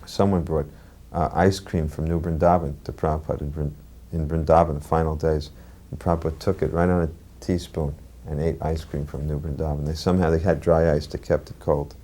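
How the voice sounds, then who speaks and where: An older man calmly recalling memories in an interview, telling the story plainly. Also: a bass voice, brisk. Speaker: devotee sharing memories. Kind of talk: reminiscing interview.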